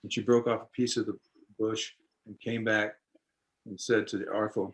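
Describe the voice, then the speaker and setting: A man telling an old story in an interview, unhurried and folksy, lightly acting out the voices of its people. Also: lowish voice, level tone, rough recording. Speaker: storyteller and musician.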